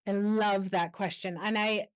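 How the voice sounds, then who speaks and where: A mid-pitched woman speaking as a guest on a podcast. She tells a personal story candidly, acting out what others said to her along the way. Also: steady tone, unhurried, clear, resonant tone. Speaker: guest, anti-trafficking expert.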